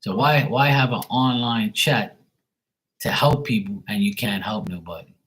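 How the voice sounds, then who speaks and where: Ranting, cursing man with a lowish voice. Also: measured pace, fairly bright tone, breathy edge, poor audio. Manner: irritated, profane, ranting. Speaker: livestream tarot reader. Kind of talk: casual livestream rant.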